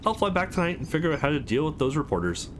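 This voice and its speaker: A man reading a calm, icy corporate killer. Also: on the high side, very fast, noisy background, pitched above the performer's own voice. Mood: cold. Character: cold ruthless male corporate killer.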